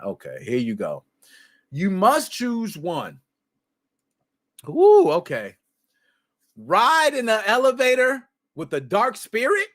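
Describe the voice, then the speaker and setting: A man hosting a casual livestream chat, animated and excitable, talking in slang and often breaking into shouts. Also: high voice. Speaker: streamer, podcast host.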